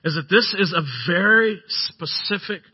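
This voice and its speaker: A man's voice: sits high, lively intonation, unhurried, husky. A male pastor giving a sermon, earnest and emphatic, repeating phrases to drive points home. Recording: dull lo-fi sermon recording.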